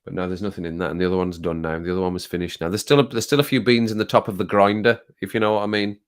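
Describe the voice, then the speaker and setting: A man's voice: low-pitched, steady tone, rapid-fire, clear, resonant tone. Rambling, cursing man chatting to viewers. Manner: rambling, swearing, laughing often. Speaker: livestream host. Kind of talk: casual chat with live viewers. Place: home streaming setup. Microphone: desk microphone.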